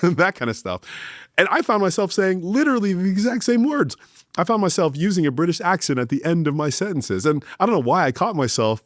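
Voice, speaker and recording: A man hosting a leadership talk, speaking deliberately and emphatically and slowing down for key points. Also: lowish voice, no room sound, studio quality. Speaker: host.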